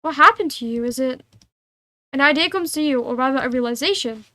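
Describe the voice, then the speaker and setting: A woman's voice: high voice, a little fast, pushed and bright, no room sound. A young woman streaming a game, reading its text aloud and chatting, playful and giggly with cat-like meows.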